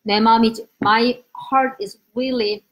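Woman, Korean teacher, higher voice, animated, mixes Korean and English. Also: racing, crowd noise. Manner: uneven English grammar. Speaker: Korean language teacher, host. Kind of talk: live-stream language lesson.

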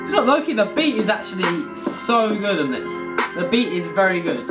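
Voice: mid-range voice, big pitch swings, normal speed, loud music behind the voice. A video host, reacting to a song in casual, chatty commentary and often breaking off mid-sentence. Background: song playing.

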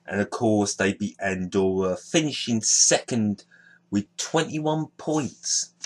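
A man hosting his own video, calmly showing a completed sticker album and listing players one by one. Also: on the low side. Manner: unhurried, listing names one by one. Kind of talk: casual show-and-tell narration.

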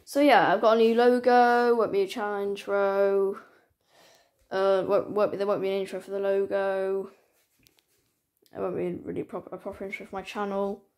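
A woman talks casually to her channel's viewers in a mid-pitched voice. She rambles and halts as she goes, often restarting her sentences. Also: darkish tone. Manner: rambling, halting, many restarts. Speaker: channel owner. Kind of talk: casual vlog chat.

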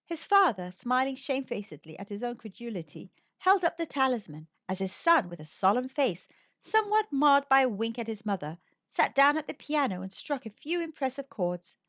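A woman reads a classic story aloud in a clear, expressive storyteller's voice, pitched in the middle range. The recording is dry and a little dull, with no room sound. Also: moderate pace, no room sound. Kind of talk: storybook narration for English learners.

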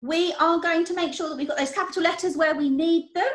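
A woman teacher, explaining writing step by step in an online lesson, clearly and encouragingly. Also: very high voice, steady tone, quick pace. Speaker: primary school teacher. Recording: roomy echo.

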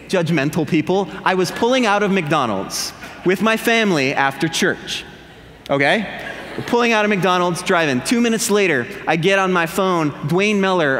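A man's voice: high voice, a little hiss or hum. A male pastor giving a humorous sermon in a church, telling stories with jokes and impressions. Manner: animated storytelling with jokes and impressions. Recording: long hall reverb.

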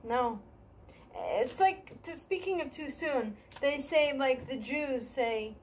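A woman's voice: high voice, slow. A woman doing a stand-up comedy monologue. She rambles, pokes fun at herself, and keeps trailing off and restarting. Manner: scattered, self-deprecating, trailing off and restarting. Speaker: stand-up comic.

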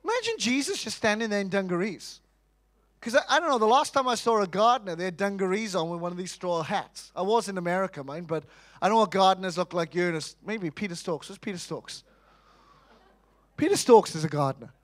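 A man preaching a sermon in church, animated, asking rhetorical questions and acting out quotes. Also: sits high, a little fast.

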